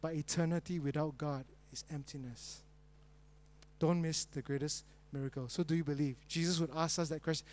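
A male pastor preaching a sermon with pauses and rising emphasis. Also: on the high side, steady tone, darkish tone. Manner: reads a spoonerism fairy tale as a joke, then preaches with pauses and rising emphasis.

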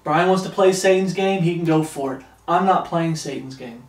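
This sermon comes from a man whose voice is fairly high. He elongates scripture passages for emphasis before bluntly weighing in, moving at a moderate pace. A roomy echo surrounds him, and he sounds somewhat removed from the microphone.

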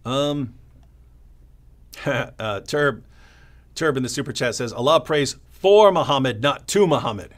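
On a casual live stream, this male co-host tells stories with lots of energy and acts out other people's lines, mimicking opponents. His voice is mid-range, and he takes it slowly with long pauses.

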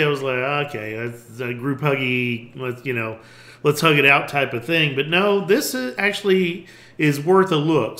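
Bright, chatty male tech YouTuber. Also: a little high, roomy sound. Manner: chatty, thinking aloud, reading from screen. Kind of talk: casual screen-share tutorial.

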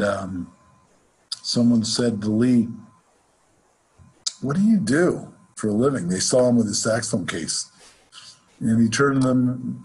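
A man with a rough, husky voice teaches jazz improvisation at an ordinary, unremarkable pitch. He talks in a relaxed, conversational way and counts off beats between demonstrations. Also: poor audio. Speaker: jazz music instructor. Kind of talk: explaining and demonstrating on instrument. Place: home studio, online session.

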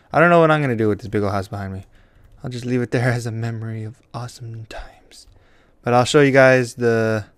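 Young male gamer host, excitable and foul-mouthed, clean crisp tone. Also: lowish voice, dry recording. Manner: excitable, swears, talks to the game. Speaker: gaming channel host. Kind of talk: casual let's-play commentary.

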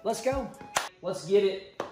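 A man chatting to camera in a casual vlog, full of excitable, dramatic exclamations. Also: high voice, takes it slowly. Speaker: family vlogger. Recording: roomy echo with faint music.

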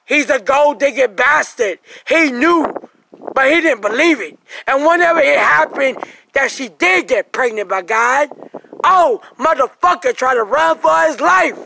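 A man delivering an aggressive, profane religious rant, cursing and mocking over and over, sometimes bursting into shouts. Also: extremely high pitch, animated, unhurried, gravelly, slight background noise, rough recording.

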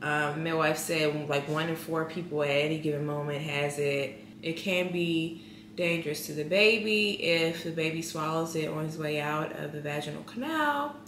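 A woman's voice: deep voice, normal speed, a bit bright, echoey room, a little hiss or hum. A young woman vlogging in a casual, rambling way, with a congested voice. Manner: chatty, rambling with many fillers. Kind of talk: casual vlog chat.

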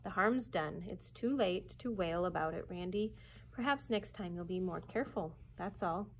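A woman's voice: on the low side, moderate pace, slight background noise, close to an everyday voice. A woman reading a storybook aloud and voicing a weary, exasperated father in a dry, matter-of-fact way.

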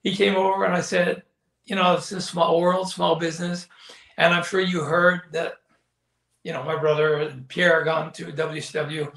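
An older ex-wrestling commentator speaks at a moderate pace with a fairly high pitch, level tone, vocal fry, and a fairly bright sound. He tells stories in a candid interview, acting out quotes and often saying "you know." The room is echoey.

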